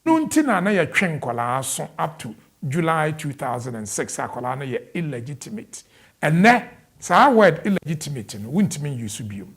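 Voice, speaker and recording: A man's voice: a little high, sing-song, normal speed, fairly bright tone, breathy edge. A man with a Ghanaian accent, an immigration adviser explaining the rules to an interviewer and slipping English legal terms into his Twi.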